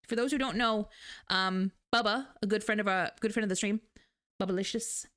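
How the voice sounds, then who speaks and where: A woman streamer in a chatty, animated casual talk, laughing often. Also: mid-range voice, brisk. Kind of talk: casual chat.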